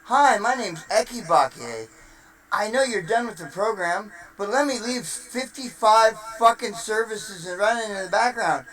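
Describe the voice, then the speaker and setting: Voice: medium pitch, expressive, measured pace, fairly bright tone, poor audio. A streamer doing a breezy, mock-reassuring program. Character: sneaky chirpy software persona.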